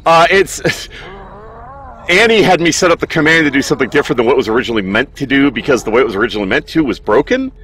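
A young man commentating his own horror game playthrough in a casual, animated way, cursing and laughing at his mistakes, with allergies that make him clear his throat. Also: medium pitch, quick pace, a little hiss or hum. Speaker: gaming streamer. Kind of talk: casual let's play commentary.

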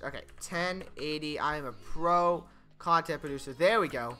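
Man, gaming streamer, bright sharp voice, chatty, excitable, laughs a lot, faint music behind. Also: on the high side, normal speed. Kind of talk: casual gameplay commentary. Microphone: desk microphone.

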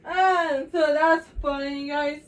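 A woman vlogger with a very high voice giggles her way through a casual phone vlog, excitable and repeatedly saying "you guys." She talks slowly, and because the phone is set down nearby, she sounds distant.

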